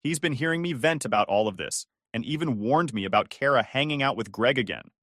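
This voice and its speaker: Synthetic male narrator, lively pitch, dry close sound, story reading. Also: a little fast, dry recording. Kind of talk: scripted first-person story narration.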